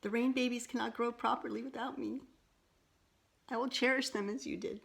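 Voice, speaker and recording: Storybook moon spirit, soft and solemn, woman reader voicing. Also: a little high, fairly even intonation, fairly quick, vocal fry, voice pushed up. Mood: reassuring. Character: grand radiant moon spirit woman, gentle.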